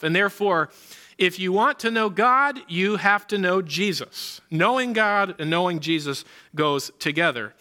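A man with a high, bright voice preaches a sermon as pastor. He talks emphatically, drives home his main points by repeating them, and leans on rhetorical questions.

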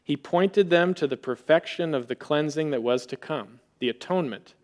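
A man preaching a sermon in an animated way, acting out quoted voices with rising emphasis. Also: on the high side, moderate pace. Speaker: pastor.

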